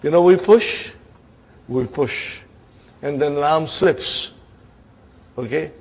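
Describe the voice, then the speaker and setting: Male grammar teacher, slow and drawn out, keeps quizzing the class, voice a bit high. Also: gravelly, breathy edge. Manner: quizzing the class, frequent "huh?" checks; playful storytelling teacher. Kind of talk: classroom lesson.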